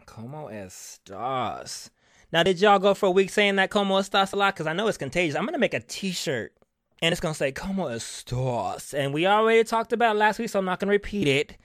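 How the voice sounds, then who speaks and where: Clean, dry studio sound captures a high, fairly bright male voice. He hosts a laid-back podcast with sass and theatrical flair, addressing listeners as honey and drawing out repeated words to drive points home.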